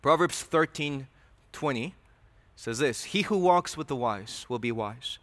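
A man's voice: medium pitch, animated, unhurried, fairly bright tone, no echo. A man preaching a sermon who reads scripture aloud and then explains it with rising animation. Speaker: pastor.

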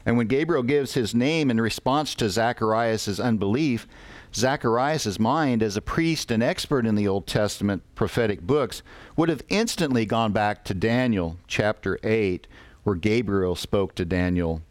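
A man preaching a sermon, reading scripture slowly and deliberately with pauses. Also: on the low side, dry recording.

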